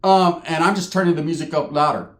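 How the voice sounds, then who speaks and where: A man's voice: on the high side, expressive, quick pace, fairly bright tone, roomy sound. A man telling a profane story as a comedy bit, casual and conversational, tagging his lines with "right?". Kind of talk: storytelling stand-up.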